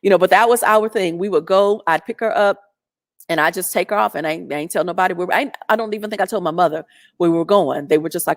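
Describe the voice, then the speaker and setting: A middle-aged woman telling a personal story in an animated, chatty way with lots of fillers. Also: on the low side, quick pace, no room sound, studio quality.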